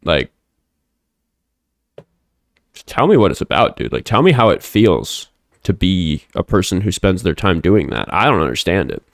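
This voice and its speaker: A man's voice: low-pitched, very animated, normal speed, vocal fry, pauses often, no room sound. A young man hosting a livestream show, rambling and swearing casually with lots of fillers. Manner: rambling, profane, frequent fillers. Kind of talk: casual livestream talk with callers.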